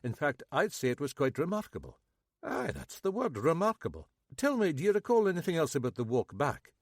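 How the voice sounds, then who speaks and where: A wry, understated Scottish detective inspector, as a male narrator voices him, speaking in dry, measured tones. The sound is close and dry. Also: fairly high pitch, huge pitch swings, no room sound, voice pushed up, full character voice.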